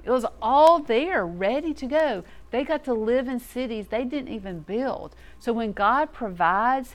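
A woman teaches from scripture in a relaxed, conversational way, with a mid-range voice. She talks in a folksy, plainspoken style and lets her delivery liven up as she explains. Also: medium pitch. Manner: folksy, animated, casual turns of phrase. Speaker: Bible teacher.

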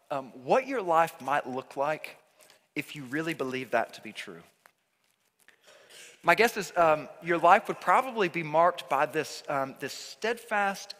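Man, pastor, sermon, high lively voice, bright tone, echoing church hall. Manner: earnest, emphatic, repeats for emphasis. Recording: long hall reverb.

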